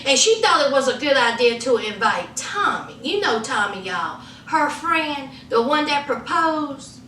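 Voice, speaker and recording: High, bright sassy woman vlogger. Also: measured pace, slight background noise. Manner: animated, slangy, laughing asides. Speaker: reality TV recap vlogger. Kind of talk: sassy casual commentary. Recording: roomy, mic at a distance.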